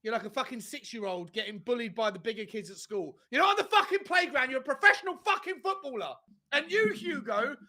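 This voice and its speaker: High, bright, furious ranting man. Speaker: watchalong co-host. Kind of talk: heated live match reaction.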